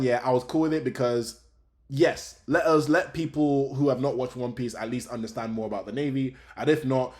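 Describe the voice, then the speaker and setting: A young adult man, chatting casually and excitably as host of a fan review talk show, often laughing. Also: mid-range voice.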